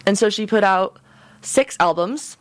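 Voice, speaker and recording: A woman's voice: mid-range voice, a little slow. A young woman chatting with eager enthusiasm as a podcast guest. She laughs easily, and her mid-range voice sounds dry and close, with no room echo. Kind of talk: casual chat. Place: student radio studio.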